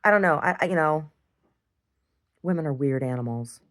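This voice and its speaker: Low-voiced woman, blunt and profane. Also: lively intonation, moderate pace. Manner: blunt and profane, full of restarts and "I don't know"; chuckles often. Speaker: video diarist. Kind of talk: casual rambling monologue.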